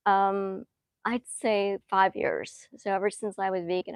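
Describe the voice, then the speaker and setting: A woman hosting a live-stream question and answer session, speaking earnestly and often pausing with fillers as she reads comments. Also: medium pitch, steady tone, no room sound. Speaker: host answering viewer questions.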